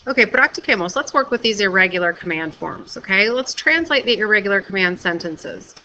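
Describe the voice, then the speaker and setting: A woman teacher giving a recorded video lesson, explaining patiently and clearly and often checking with "okay?". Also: mid-range voice, animated, fairly quick, sharp tone, slight background noise, poor audio.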